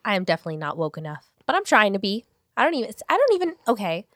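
A woman chatting casually on a podcast, telling stories with lively acted-out quotes. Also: medium pitch, very fast, no echo, clean studio sound. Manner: animated, acts out family members' voices in quotes. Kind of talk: casual conversational storytelling.

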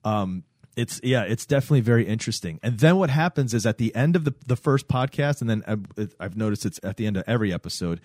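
A man's voice: lowish voice, quick pace, no echo, clean studio sound. A man casually recapping a TV series on a podcast, acting out the characters' lines as he tells it. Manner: animated storytelling, acts out quotes. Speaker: podcast co-host. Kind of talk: casual chat recapping a show.

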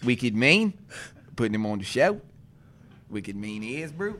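A man co-hosting a talk show, joking around with drawn-out slang and laughter in a put-on Kiwi accent. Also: medium pitch, big pitch swings, fairly bright tone. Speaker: co-host.

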